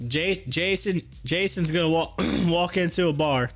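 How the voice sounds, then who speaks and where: A man with a high, light voice hosts a live stream in loose, rambling chat. He tells jokey stories and keeps laughing between lines, while soft music plays faintly underneath. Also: unhurried. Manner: joking storyteller, laughs a lot.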